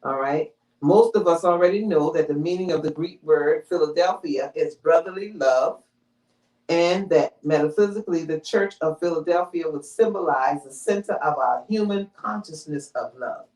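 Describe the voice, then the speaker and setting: A woman giving a conversational sermon, teaching in a relaxed way and often checking in with the congregation with "all right?" and "you know". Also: low-pitched, moderate pace. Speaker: preacher. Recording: echoey room, mic from far off.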